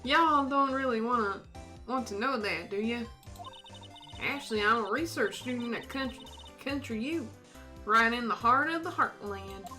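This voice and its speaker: A woman's voice: mid-range voice, normal speed, sharp tone, faint music behind, natural voice. Lotta Hart, a drawling country gal as a woman puts her on. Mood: folksy. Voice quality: drawling rustic twang. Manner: folksy and boastful. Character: brash young country woman photographer.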